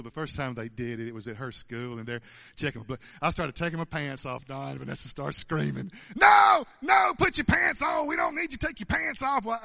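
A man in his 50s gives a folksy, conversational testimony at church, stammering, repeating words, and chuckling often. His voice is a little high with a fairly bright tone.

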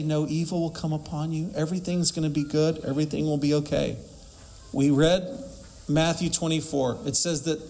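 A man's voice: on the high side, a little mellow. A man preaching a sermon emphatically, asking rhetorical questions and quoting scripture.

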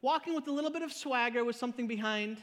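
A pastor preaching a sermon live, telling stories in an animated way, repeating words and swinging between loud and soft. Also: male voice, very high voice, quick pace. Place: church auditorium. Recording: live in a church hall with long reverb.

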